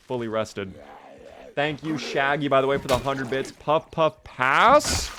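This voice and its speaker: A man's voice: medium pitch, a little hiss or hum. A man giving casual, jokey live-stream commentary over a game, chatting with and thanking his viewers.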